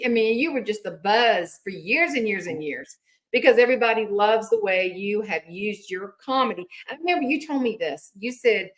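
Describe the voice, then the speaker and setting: A woman hosts a relaxed conversation. She reacts with friendly asides and talks to her guest like an old acquaintance. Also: medium pitch, normal speed. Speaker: podcast host. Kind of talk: casual interview chat.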